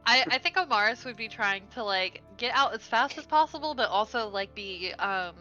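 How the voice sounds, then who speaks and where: A woman's voice: a little high, normal speed, sharp tone, lo-fi sound, soft background music. A woman playing a tabletop game, explaining her character's move hesitantly with many fillers. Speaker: player. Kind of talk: casual game chat.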